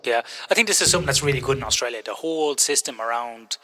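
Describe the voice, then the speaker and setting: A man's voice: medium pitch, expressive, fast talker, bright, forceful tone. A middle-aged man hosting a podcast interview, chatty and joking, teasing his guests as he talks. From Ireland. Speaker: podcast host. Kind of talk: casual interview chat.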